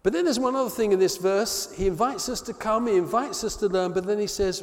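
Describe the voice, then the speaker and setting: A man preaching with a high, very animated voice that climbs and sinks as he tells the story. He falls to a hushed, low tone on the words he wants to land. The sound rings with the long reverb of a large hall. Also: a little fast, hardly any pauses. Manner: expressive storytelling, drops to soft low tones on key words. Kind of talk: sermon.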